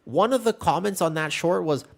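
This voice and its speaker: Male game streamer, lively pitch, rambling chatty callouts while tanking. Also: normal speed, gravelly. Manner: animated, rambling, mixes callouts with banter. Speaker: game streamer and tank player. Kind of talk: live gameplay commentary and chat with viewers.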